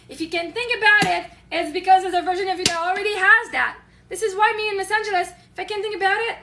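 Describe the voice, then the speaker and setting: A chatty woman with a very high, bright voice hosts her own show, rambling through stories and answering viewer comments with bursts of excitement. She sits a little back from the mic, and a faint noise runs underneath. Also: fast talker, distant mic. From Quebec, Canada. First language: French. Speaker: show host. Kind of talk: casual live-stream chat, answering viewer comments.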